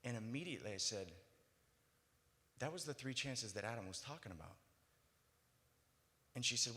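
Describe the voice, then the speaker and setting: A man giving a testimony speech at a banquet, recounting his story and moving from quiet retelling to loud, emphatic preaching. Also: medium pitch, lively intonation, moderate pace, long pauses. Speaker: keynote speaker. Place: banquet hall. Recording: long hall reverb.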